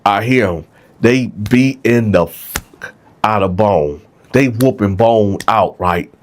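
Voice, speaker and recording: Male storyteller with a lively, wide-ranging delivery and casual, animated storytime energy. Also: medium pitch. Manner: animated, keeps asking "right?". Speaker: storyteller host.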